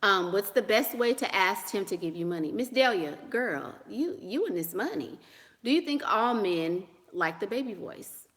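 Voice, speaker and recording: A woman's voice: medium pitch, animated, normal speed, a bit bright. A woman vlogger answering viewer questions about dating in a sassy, blunt, dismissive way, laughing often and repeating lines for emphasis. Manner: blunt, sassy and dismissive, with frequent "honey" and "girl". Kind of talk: casual advice monologue.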